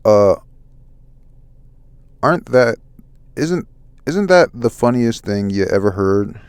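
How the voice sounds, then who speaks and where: Slow, soft-spoken man reading a comic. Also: medium pitch, smooth, dry recording. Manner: halting, stumbles over words and apologizes. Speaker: ASMR manga reader.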